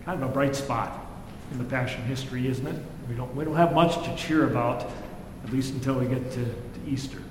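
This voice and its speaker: A pastor giving a sermon, reading scripture and then preaching in a conversational way, acting out the quoted lines with feeling. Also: male voice, steady tone, a little fast. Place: church sanctuary. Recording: echoey hall with faint rumble.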